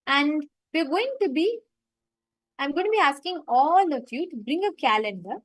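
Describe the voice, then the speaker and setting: A woman's voice: high-pitched, expressive, normal speed, no echo, low-quality recording. A woman facilitating a live online meditation session, retelling a story and stressing her points.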